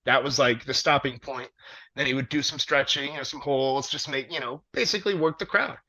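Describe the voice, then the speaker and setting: A man, a wrestler, telling a long story in casual conversation, animated and profane with plenty of fillers. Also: mid-range voice, fairly quick. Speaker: wrestler guest. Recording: dull lo-fi audio.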